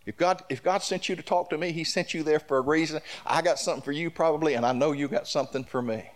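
A man's voice: fairly high pitch, quick pace. A male pastor preaching a sermon, building to repeated declarations and telling stories with quoted dialogue.

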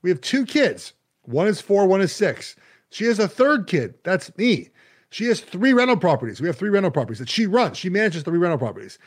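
A man co-hosting a football podcast, telling stories in a self-deprecating, animated way. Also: high voice, brisk, breathy edge. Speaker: podcast co-host, football analyst. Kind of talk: casual podcast chat.

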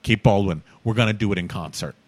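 A man's voice: on the low side, quick pace, no echo. A man co-hosting a podcast, gushing with enthusiasm about a favorite musical. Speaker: podcast co-host. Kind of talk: casual chat about musicals.

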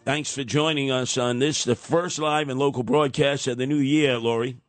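A man's voice: medium pitch, steady tone, normal speed, no echo. An older man hosting a radio talk show, rambling and wisecracking as he ribs his younger co-hosts. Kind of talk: casual talk radio banter.

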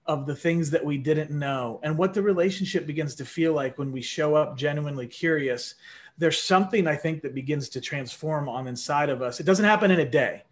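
A man who is an author appears as a guest in a conversational interview, speaking earnestly and reflectively about leadership. He often repeats his opening words. His voice is fairly high and a little fast.

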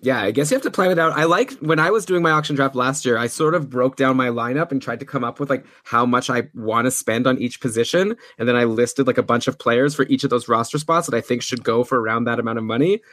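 A man's voice: medium pitch, fairly bright tone, no room sound. Chatty upbeat man, dry close mic. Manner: chatty, upbeat, quick asides. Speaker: podcast host. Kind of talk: casual commentary on a fantasy hockey draft.

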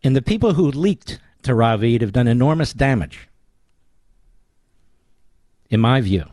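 A man's voice: mid-range voice, very animated, a little slow, darkish tone, no room sound. A man hosting political talk radio in a combative, sarcastic way that often builds into a heated rant.

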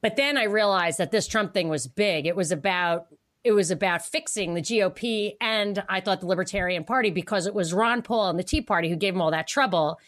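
A woman co-hosting a podcast in casual political chat, animated, laughing often and acting out the people she quotes. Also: mid-range voice, brisk. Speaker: podcast co-host.

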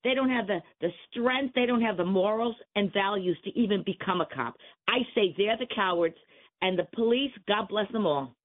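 A woman's voice: mid-range voice, normal speed. A woman calling in to a radio show, heated and emphatic, firing rhetorical questions. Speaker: caller. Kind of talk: call-in radio talk. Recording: phone line.

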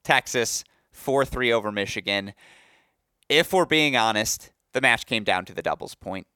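A man's voice: lowish voice, normal speed, clean tone, no room sound, studio quality. A man hosting a sports podcast, recapping matches with enthusiasm and a slightly worn voice. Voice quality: slightly worn voice after a long day. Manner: enthusiastic, gets loud and excited telling stories. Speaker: podcast host.

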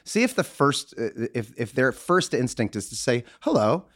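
A man co-hosting a comedy podcast, ranting bluntly and peppering his talk with swears. His pitch moves up and down a lot as he riffs. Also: sing-song, moderate pace, a bit bright. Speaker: podcast co-host. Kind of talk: casual comedic chat.

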